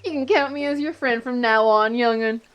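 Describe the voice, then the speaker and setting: A woman's voice: fairly high pitch, faint music behind, close to an everyday voice. A woman doing a sleepy southern sea serpent. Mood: friendly. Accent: American Southern, put on. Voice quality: drawling with deliberate voice cracks.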